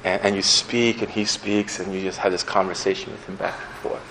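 A man's voice: sits low, little pitch movement, fairly quick, noisy background. Playful young man preaching. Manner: conversational and playful, acting out little scenes. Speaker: pastor. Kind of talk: casual sermon.

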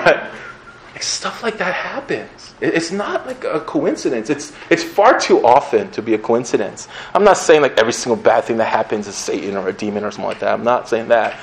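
A male pastor preaches in a relaxed, conversational way and stays earnest throughout. His voice sits at an average pitch, with a faint hiss of noise behind it. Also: a little fast. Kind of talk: sermon.

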